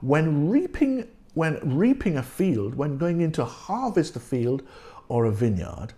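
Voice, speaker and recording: A man's voice: mid-range voice, mellow. A male pastor preaching a sermon and reading scripture aloud, repeating key words for emphasis. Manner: reads scripture aloud slowly.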